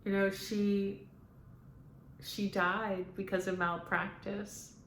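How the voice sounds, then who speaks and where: A woman speaking as a spiritual medium, relaying messages to viewers in a halting monologue full of "um"s. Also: mid-range voice, flat delivery, a little hiss or hum. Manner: halting, frequent "um" fillers. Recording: echoey room.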